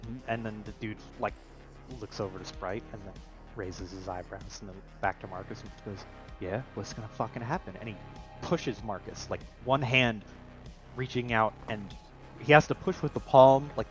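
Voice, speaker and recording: A man's voice: lowish voice, normal speed, over music. Laid-back man narrating as game master. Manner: casual, filler-heavy narration.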